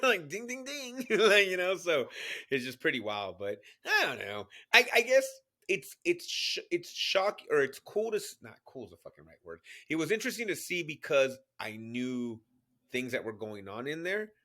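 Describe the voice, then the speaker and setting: A man in his thirties co-hosting a podcast, talking in an animated, profane way and laughing often. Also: fairly high pitch, normal speed. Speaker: podcast co-host. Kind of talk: casual chat.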